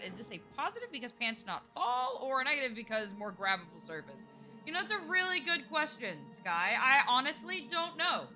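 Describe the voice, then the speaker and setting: Bright, lively-voiced woman streamer. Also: fairly high pitch. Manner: chatty, swears freely, teasing viewers. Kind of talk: casual livestream chat while gaming.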